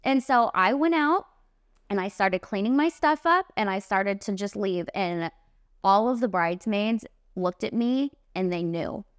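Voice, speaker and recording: A young woman in her late twenties with a smooth, clear voice, telling a personal story on her podcast. Her delivery is casual and emphatic, sitting at a middle pitch for a woman. She leans on "like" and "literally" as she tells it. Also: expressive, unhurried, no echo, studio quality. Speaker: podcast host and makeup artist.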